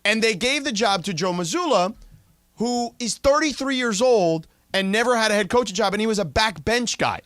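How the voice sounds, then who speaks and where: A man hosting a sports radio show, arguing his points in lively banter and checking in with "right?" and "okay?". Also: high voice, normal speed, no room sound, studio quality. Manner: animated, argues points with rhetorical "right?". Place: radio studio.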